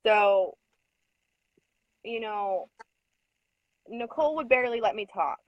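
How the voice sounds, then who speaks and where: A woman's voice: mid-range voice, expressive, slow pace, no echo. Brief: woman, shaken storyteller, hesitant, dry muffled audio. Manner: hesitant, filler-heavy storytelling; audibly upset, near tears at times. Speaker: conference attendee recounting an incident. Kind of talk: casual recounting conversation.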